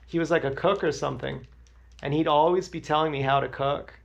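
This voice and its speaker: Gravelly man rambling crude stories. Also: on the high side, fairly even intonation, normal speed, long pauses, dull audio. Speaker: livestreamer. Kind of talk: rambling livestream storytelling.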